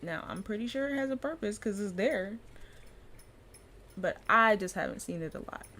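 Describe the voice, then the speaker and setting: A woman's voice: medium pitch, expressive, normal speed, pushed and bright. A woman giving a casual pronunciation lesson, chatty and loose, often breaking into laughter as she explains. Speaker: language teacher.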